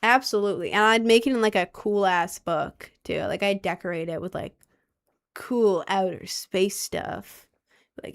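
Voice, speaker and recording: Excitable young woman chatting on stream. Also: medium pitch, a little slow, gravelly. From Maryland, United States. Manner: excitable, gushing, reads chat aloud. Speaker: live streamer. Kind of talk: casual live-stream chat.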